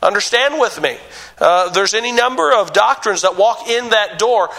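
High, bright-voiced preaching pastor. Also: male voice, animated, moderate pace, rough recording. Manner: emphatic, repeats "listen" and "understand with me", many restarts. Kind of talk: sermon.

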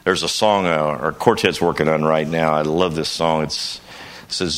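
An older male preacher with a deep, low voice that still cuts through with a bright, forceful edge. He tells a homely story about himself in a folksy way, then rises into emphatic bursts. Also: fairly even intonation, moderate pace. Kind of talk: conference sermon.

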